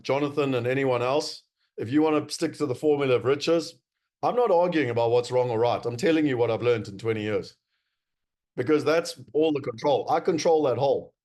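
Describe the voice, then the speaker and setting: A man's voice: medium pitch, darkish tone. A man with a South African accent giving a presentation to investors, emphatic and wry, with many fillers. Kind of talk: presentation talk.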